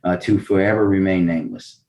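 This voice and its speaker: A man's voice: deep voice, fairly quick, gravelly, a little mellow, lo-fi sound, slight background noise. A man answering interview questions with proud, combative, playful trash talk about his city. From Baltimore. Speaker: big-city mayor, interviewee. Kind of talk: boastful interview banter.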